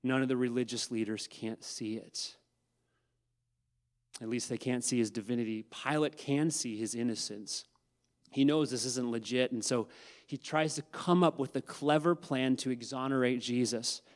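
A man preaching a sermon who addresses his listeners as guys and swings from hushed tones to loud emphasis. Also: medium pitch, normal speed. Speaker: pastor.

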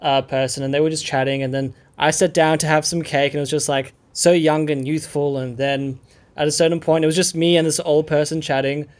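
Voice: medium pitch, flat delivery, brisk, darkish tone. A young speaker in their twenties, a junior doctor co-hosting a casual chat with wry jokes.

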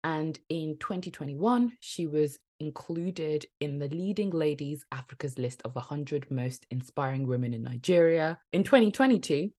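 A woman's voice: low-pitched, expressive, moderate pace, few pauses, warm tone. A woman co-hosting a podcast in a casual, upbeat, chatty way, laughing often. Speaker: podcast co-host. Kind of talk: casual chat and presenting.

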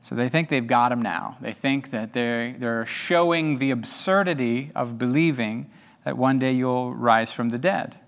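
A man preaching a sermon as pastor to an audience, animated and conversational, with humorous asides. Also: mid-range voice, a little slow. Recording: long hall reverb.

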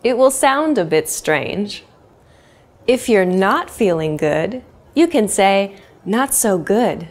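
A young woman teaching an English lesson, speaking slowly and clearly and repeating each phrase for learners. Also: medium pitch, sing-song. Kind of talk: scripted language lesson.

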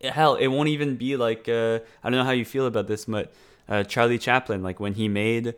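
A man talking through his ideas in a loose conversation, with plenty of fillers and restarts. His voice sits at an ordinary middle pitch. He swears casually along the way. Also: fairly even intonation, a little fast, smooth. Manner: rambling, heavy on fillers and restarts. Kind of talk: casual political chat.

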